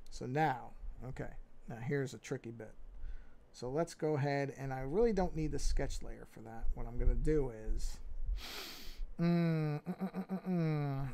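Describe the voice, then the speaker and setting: A man with a New York accent, livestreaming as he draws, thinking aloud in a relaxed way, muttering to himself and correcting his own moves. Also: a little high, vocal fry. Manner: talks to himself, muttering and repeating phrases. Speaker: livestreaming artist. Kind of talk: casual think-aloud commentary while drawing.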